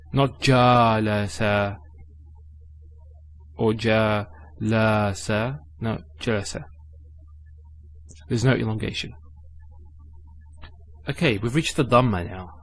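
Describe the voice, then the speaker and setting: A male teacher with a mid-range voice explains Arabic letters and vowels in a spoken lesson. He is patient and methodical, breaking words into syllables and sounding each one out slowly, then repeating it. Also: mid-range voice, breathy edge.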